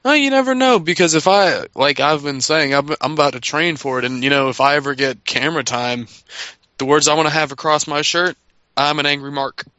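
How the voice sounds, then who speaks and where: A man's voice: fairly high pitch, brisk, bright, forceful tone, no room sound. A man in a casual wrestling podcast chat, eager and rambling, with lots of fillers. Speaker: podcast co-host. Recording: dry, dull lo-fi audio.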